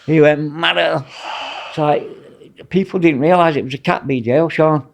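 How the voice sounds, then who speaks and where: A man's voice: fairly high pitch, moderate pace, creaky. A man with a Manchester accent, a former prison officer telling blunt, rambling anecdotes as a podcast guest. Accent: Mancunian. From Manchester, England. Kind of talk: casual storytelling interview.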